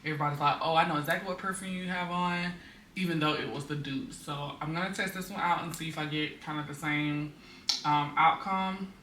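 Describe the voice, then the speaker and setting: Young woman vlogger, casual and chatty; recorded from a distance in a roomy space with steady background noise. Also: deep voice, a little fast. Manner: chatty, venting with frequent fillers. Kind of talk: casual chat.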